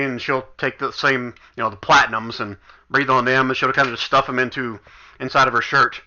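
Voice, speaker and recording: A man's voice: mid-range voice, level tone, fairly quick, sharp tone. A man narrating as game master in an online tabletop game, chatty and laughing often. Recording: dull lo-fi recording.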